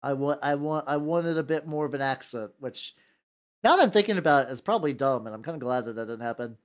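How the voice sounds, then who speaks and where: A man's voice: medium pitch, quick pace. Rambling young American man painting miniatures. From United States. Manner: rambling, stammers and repeats words, laughs often, jumps between topics. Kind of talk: casual rambling chat while painting.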